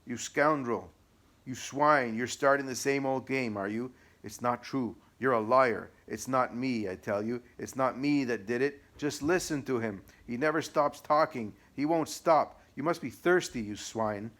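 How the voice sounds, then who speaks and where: A man voicing an abusive, taunting male devil in an audiobook, shrill and whining. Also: steady tone, normal speed, lightly acted. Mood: raging. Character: raging taunting male devil possessing a woman. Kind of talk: audiobook reading.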